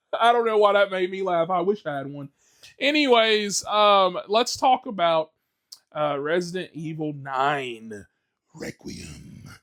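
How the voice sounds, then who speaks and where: Profane, ranting podcast host, slightly high voice. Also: male voice, moderate pace. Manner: blunt, profane, animated ranting with many fillers. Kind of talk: casual solo podcast rant.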